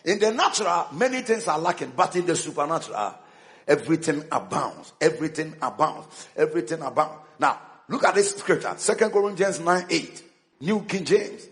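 A bishop preaching with a high voice that rises and falls animatedly. He hammers his points home through repetition and calls on the congregation to answer back. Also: expressive, normal speed, a bit bright. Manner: emphatic call-and-response preaching with repetition. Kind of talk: sermon.

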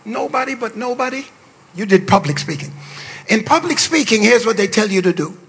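A man's voice: lively intonation, brisk, vocal fry, slightly rough. Older man preaching in a large hall. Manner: playful, boastful asides, swings from low drawl to loud shouts. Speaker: bishop preaching at a pastors' conference. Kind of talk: sermon. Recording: long reverb of a large hall.

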